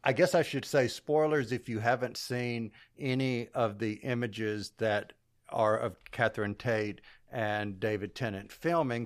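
A man hosting a casual podcast discussion, speculating eagerly and putting questions to his co-hosts. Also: lowish voice. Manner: enthusiastic, speculative, asks the panel questions. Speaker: podcast host.

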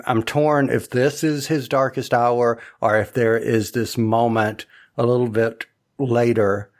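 A man hosting a casual discussion podcast, often stumbling and repeating his words. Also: fairly low pitch. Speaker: podcast host.

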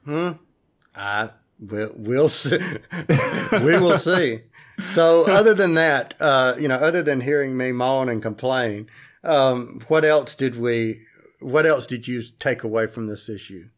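A man's voice: medium pitch, lively intonation, slow. A man hosting a podcast in casual chat, rambling with many fillers and restarts. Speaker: podcast host.

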